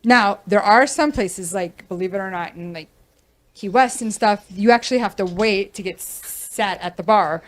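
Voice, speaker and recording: A woman's voice: mid-range voice, moderate pace. A woman realtor hosting a casual talk show, speaking frankly and venting her frustration. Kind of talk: casual chat.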